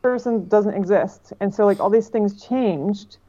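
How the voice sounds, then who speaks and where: A woman's voice: medium pitch, a little slow, warm tone, highs cut off. A woman co-hosting a casual chat, recounting an internet story in a chatty way full of "like" and "you know".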